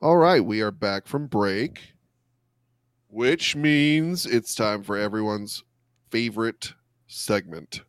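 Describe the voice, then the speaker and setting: Brief: male podcast host, sarcastic, slow and lively, dry studio mic. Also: lowish voice, clear, resonant tone, no echo. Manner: sarcastic, bursts into shouting hype. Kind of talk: casual chat.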